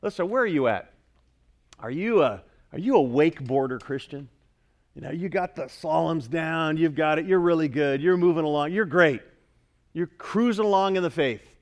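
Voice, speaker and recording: A man preaching a sermon as pastor, emphatic, repeating key phrases and swinging from loud urging to hushed, earnest asides. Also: on the high side, moderate pace.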